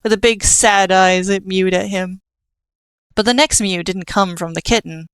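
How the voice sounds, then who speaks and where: A woman reading an audiobook in a steady storytelling manner. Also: medium pitch, normal speed, clean tone, dry recording. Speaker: audiobook narrator. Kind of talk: scripted audiobook narration.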